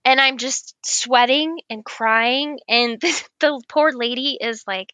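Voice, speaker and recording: A woman guest telling a funny story in casual chat, animated and laughing often as she acts out the voices of the people in it. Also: high-pitched, unhurried, few pauses, clean tone, no room sound. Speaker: guest writer.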